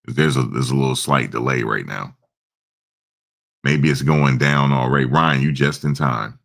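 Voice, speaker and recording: Male streamer, very deep and gravelly, casual, rambling chat. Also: measured pace, fairly bright tone. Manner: rambling, chats with viewers' comments. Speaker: livestream host.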